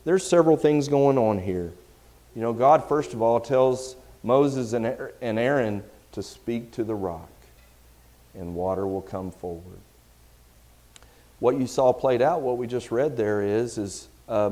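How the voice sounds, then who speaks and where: A man's voice: mid-range voice, mellow. Conversational man preaching a sermon. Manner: conversational, reads scripture aloud with rising force. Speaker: deacon preaching.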